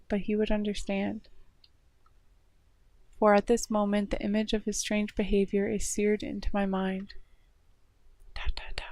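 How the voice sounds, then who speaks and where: A woman's voice: mid-range voice, darkish tone, no room sound. Woman streamer reading a visual novel. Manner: reads narration with short laughing asides. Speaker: game streamer.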